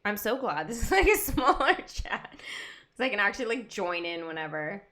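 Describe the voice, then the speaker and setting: A woman's voice: mid-range voice, big pitch swings, normal speed, sharp tone. A young woman hosting a livestream, chatting casually with her viewers, giggling often and rambling between stories. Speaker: livestream host. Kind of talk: casual chat with live chat viewers.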